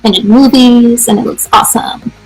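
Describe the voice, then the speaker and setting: An American woman hosting a live English practice show, answering viewer questions in an energetic, chatty way. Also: fairly high pitch, moderate pace, faint music behind, low-quality recording. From United States. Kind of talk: casual live-stream teaching.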